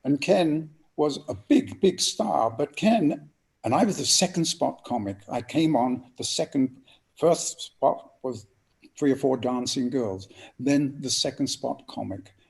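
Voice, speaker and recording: Gravelly older storyteller. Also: male voice, medium pitch, unhurried. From England. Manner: lively anecdotal storyteller, acts out voices. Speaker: actor and audiobook narrator. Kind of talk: storytelling interview guest.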